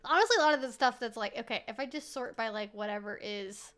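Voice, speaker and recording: Chatty high-voiced woman streamer. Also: fast. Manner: animated, swearing, rambling with laughs. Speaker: streamer host. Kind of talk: casual live-stream chat.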